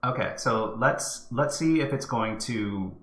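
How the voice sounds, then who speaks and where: A man's voice: mid-range voice, lively intonation, a little slow, a bit bright, reverberant. A man hosting a screen-recorded tech tutorial, thinking aloud in a hesitant way. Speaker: tutorial host.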